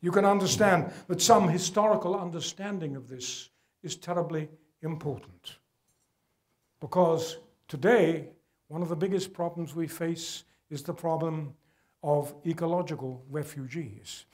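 An older man speaks to a gala audience in a measured lecture. His voice sits a little high for a man, and he leans on key words, then drops to a hush when the stakes are serious. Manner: earnest, emphatic, drops to quiet for weight. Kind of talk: public lecture with slides. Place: gala event hall.

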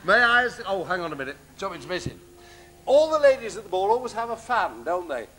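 On a theatre stage, a comic actor plays a bumbling, kindly, doting pantomime father in a live comedy, gently tossing out puns and mumbled asides. His exaggerated voice is high-pitched, fast, and swings widely in pitch, with slight background noise.

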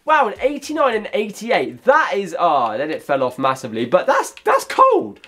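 A young gaming YouTuber commentates on his own gameplay, chatting excitably with viewers and shouting at big moments. His voice is high and his speed normal.

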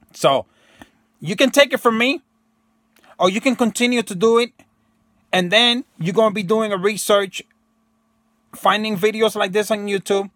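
Speaking in a high-sitting, slightly bright voice, this man addresses his viewers as a self-help video host. His monologue rambles casually and emphatically, with slang and acted-out quotes, recorded at studio quality with no echo.

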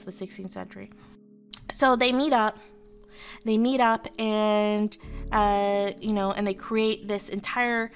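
A young woman hosting a casual, irreverent history explainer, chatty and full of fillers. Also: a little high. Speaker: history vtuber host.

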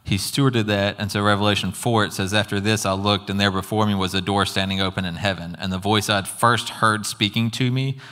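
A man's voice: fairly low pitch, steady tone, a little fast, few pauses, bright, forceful tone. A man giving an earnest, conversational sermon testimony with casual asides. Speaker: preacher. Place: church hall. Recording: long hall reverb.

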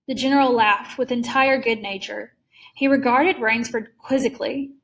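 A woman narrating a story aloud in a measured, clear storytelling manner. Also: fairly high pitch, fairly even intonation, a bit bright.

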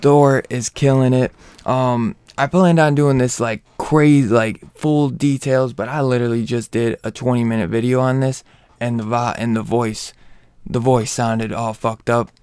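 A man's voice: mid-range voice, steady tone, unhurried, darkish tone, clear, resonant tone, no echo. A man giving a casual comic book spoiler review, slangy and profane, hyped up and rambling with lots of restarts.

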